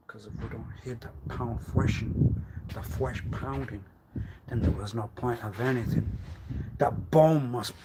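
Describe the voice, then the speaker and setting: Here a man with a mid-range voice delivers a rambling, theatrical livestream monologue, heavy on rhetorical questions and menacing threats. He veers from hushed mutters to loud outbursts, and there's a little hiss or hum in the recording.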